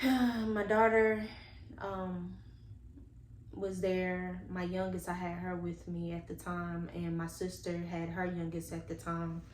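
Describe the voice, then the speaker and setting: A woman tells a personal story to her viewers, earnest and animated as she talks to them directly. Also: fairly low pitch, slow pace. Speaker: vlogger telling a personal story. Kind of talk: casual storytime monologue. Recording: echoey room with faint background noise.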